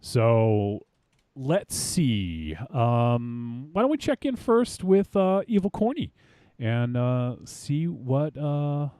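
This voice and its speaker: A man's voice: mid-range voice, very animated, slow pace, mellow, clear, resonant tone, no room sound, clean studio sound. A man hosting a podcast, chatting casually in an upbeat, rambling way. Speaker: podcast host. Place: home studio.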